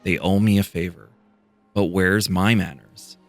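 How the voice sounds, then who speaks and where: A man reading as a gentle old-world priest. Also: low-pitched, steady tone, measured pace, soft background music. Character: kindly male priest, gentle healer. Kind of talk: reading game dialogue aloud.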